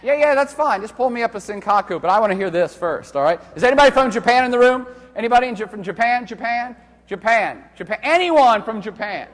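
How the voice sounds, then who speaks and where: Male lecturer, high and expressive, loud, jokey and crude, recorded live in a reverberant hall. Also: fast talker, hardly any pauses. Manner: loud, animated, joking and profane. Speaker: university lecturer. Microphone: handheld microphone.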